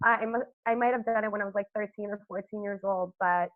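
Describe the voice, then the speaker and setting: A woman with a mid-range voice and steady tone talks fast while hosting a podcast interview in casual chat. She gushes and rambles with plenty of fillers, and the dry recording has a tinny, phone-like quality.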